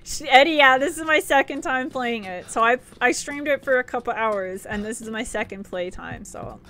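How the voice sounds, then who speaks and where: A woman streaming herself playing a horror game, giving excitable live commentary and shrieking and shouting at enemies. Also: fairly high pitch, takes it slowly. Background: game music.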